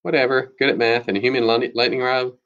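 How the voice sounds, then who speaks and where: A mocking, bossy middle-school girl with a raised, sharp-edged voice, put on by a man reading the story aloud. Her lines come out high above the reader's own register and sound dull, like a lo-fi recording. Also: little pitch movement, fast talker, natural voice. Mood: snide.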